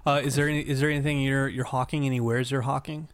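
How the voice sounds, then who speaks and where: A man's voice: mid-range voice, little pitch movement, quick pace, no room sound. Man hosting a podcast in a dry room. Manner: laughing, easygoing sign-off banter. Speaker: podcast host. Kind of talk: casual podcast chat.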